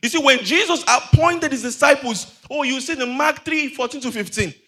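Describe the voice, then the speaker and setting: A man's voice: extremely high pitch, normal speed, sharp tone. A man preaching a sermon as pastor, emphatic, repeating phrases and asking the congregation rhetorical questions.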